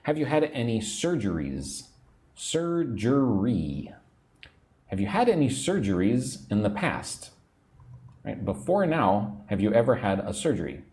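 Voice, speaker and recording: A man teaching an English lesson on a livestream, chatting, reading out viewer comments, and drilling words slowly. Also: lowish voice, very animated, darkish tone. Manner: chatty, reads viewer comments aloud, slow drilled pronunciation.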